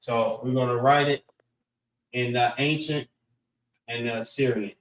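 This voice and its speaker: A man leads a casual class, talking in an easygoing way and pausing on "all right" between points. His voice sits at an average pitch. The room around him is echoey. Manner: relaxed, repeats "all right" often. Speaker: class teacher. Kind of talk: teaching a class.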